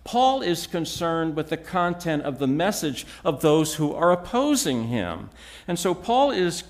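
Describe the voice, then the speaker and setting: Slow, lively-pitched male preacher. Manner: measured, emphatic teaching with frequent restarts. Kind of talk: expository sermon.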